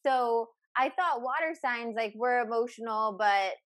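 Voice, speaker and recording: A young woman hosting an interview, eager and quick, laughing easily with frequent fillers. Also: fairly high pitch, a bit bright, no room sound. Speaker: podcast host. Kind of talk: casual interview chat.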